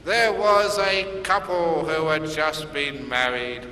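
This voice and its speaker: A man's voice: fairly high pitch, fairly even intonation, slow pace, bright, forceful tone, a little hiss or hum. A man, a Buddhist monk, giving a dharma talk with humorous storytelling. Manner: humorous storytelling, laughing at his own jokes. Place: Singapore, large hall. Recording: echoey hall from far off, faint ambience.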